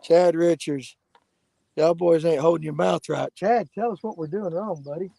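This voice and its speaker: A man's voice: on the high side, fairly quick, vocal fry, warm tone, slightly rough, no room sound, rough recording. A man, joking and bantering casually while fishing from a boat on a lake. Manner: joking, drawling banter with a friend. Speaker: fishing video host.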